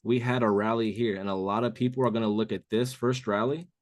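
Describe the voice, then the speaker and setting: A man's voice: on the low side, fairly even intonation, a little fast, no echo, clean studio sound. Casual man saying "bro" constantly. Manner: casual, says "bro" a lot. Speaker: trading mentor. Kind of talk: live trading call walkthrough.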